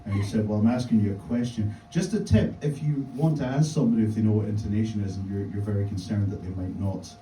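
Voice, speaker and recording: A man doing a stand-up set in a deadpan, halting way, full of fillers. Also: fairly low pitch, slight background noise. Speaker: stand-up comedian. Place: comedy club stage. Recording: echoey room mic, from a distance.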